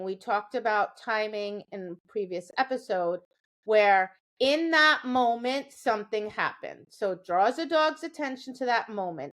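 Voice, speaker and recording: Woman dog trainer, podcast co-host, chatty explainer, slightly high voice. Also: a bit bright. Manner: explanatory, keeps checking in with "right?". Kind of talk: casual podcast chat.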